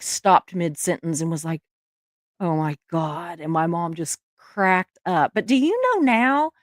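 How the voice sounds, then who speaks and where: A middle-aged woman with a Southern US accent, hosting a casual livestream chat. She talks warmly to her viewers and laughs often. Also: medium pitch, dry recording, studio quality. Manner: chatty, laughs often, drawn-out words. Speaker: livestream host.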